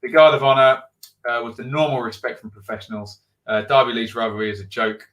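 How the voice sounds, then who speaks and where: A man's voice: medium pitch, steady tone, fairly quick, a bit bright. A middle-aged man hosting a live football stream, reading out viewer comments and thinking aloud with frequent ums. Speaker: football channel host.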